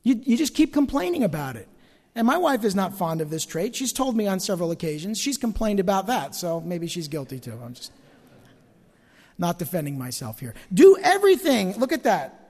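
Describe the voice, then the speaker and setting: A middle-aged man preaches from the pulpit in a high, bright voice that swoops widely between lines. He jokes at his own expense and acts out everyday gripes with animated flair. His words ring out with a long reverb through a large church sanctuary. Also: fairly quick. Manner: animated, humorous, self-mocking, acting out complaints. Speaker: pastor. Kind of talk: sermon.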